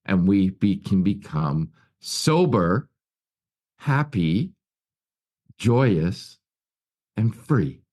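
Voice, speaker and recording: A man's voice: deep voice, sing-song, extremely slow, pauses often, darkish tone. A man giving an earnest personal recovery share at a meeting, telling stories with many restarts and repeated words. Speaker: guest speaker at a recovery meeting. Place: his office at work.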